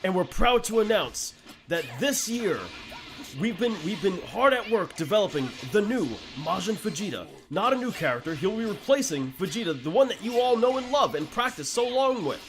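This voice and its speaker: A man mimicking a stiff corporate announcer with a mock-formal, measured delivery. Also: high-pitched, big pitch swings, soft background music, pitched above the performer's own voice. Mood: mock proud.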